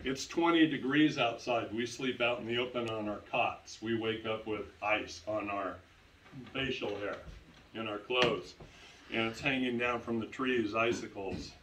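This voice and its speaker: A man lectures to a room full of listeners and drives his points home by repeating key phrases. His voice sits at an ordinary middle pitch. He is picked up from well back in a reverberant room. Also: fairly even intonation, unhurried, a bit bright, a little hiss or hum. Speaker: lecturer presenting to an audience. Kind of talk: public lecture with storytelling. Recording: roomy sound, distant from the mic.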